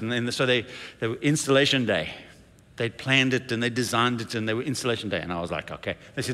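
A man's voice: mid-range voice, quick pace, fairly bright tone, long reverb tail. A man preaching a sermon as senior pastor, telling stories and acting out the quotes in playful voices. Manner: storytelling with playful acted-out quotes.

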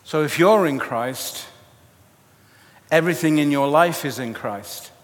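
A man preaching a sermon, telling a personal story with animated, self-mocking humor. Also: a little high, unhurried. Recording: long hall reverb.

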